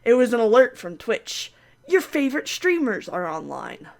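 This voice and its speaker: A woman's voice: on the high side, very animated, normal speed, creaky. A young woman playing a story game, reading it aloud and making chatty, self-mocking comments. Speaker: gamer.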